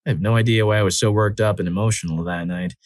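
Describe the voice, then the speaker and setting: A man reading listener stories aloud as the narrator of a compilation, in an expressive, dramatic style that acts out the quotes. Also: on the low side, quick pace, no room sound. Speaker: story narrator. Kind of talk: scripted narration of reader stories.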